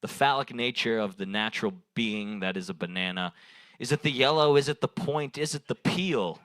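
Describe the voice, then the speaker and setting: At an open mic night, a young man on a bar stage rambles through improvised stand-up, taking suggestions from the crowd and laughing at his own jokes. His voice is medium in pitch and fairly bright, moving at a normal speed, and the recording is dry.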